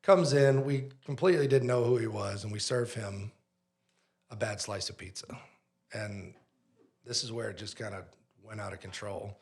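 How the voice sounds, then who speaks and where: Restaurant owner guy on a podcast telling a wild story, bit of vocal fry, acts out the dialogue. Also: on the low side, normal speed, a little mellow. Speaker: pizzeria owner, podcast guest.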